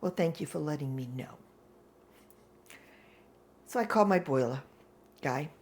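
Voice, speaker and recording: A New England woman in her 60s, a vlogger, tells a story casually at home in a low, slightly slow voice. She's excitable and laughs often, with a streak of exasperated humor.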